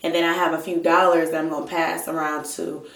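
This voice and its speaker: A woman vlogger telling a story in a casual, animated and exasperated way, swearing freely. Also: deep voice, brisk, gravelly. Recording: roomy, mic at a distance.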